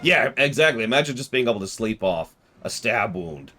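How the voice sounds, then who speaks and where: A male game streamer talks casually, with an animated, widely swinging voice at a middle pitch. He retells scenes in quick mock voices and bursts out in exasperation. Faint game music plays underneath. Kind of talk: casual let's-play commentary.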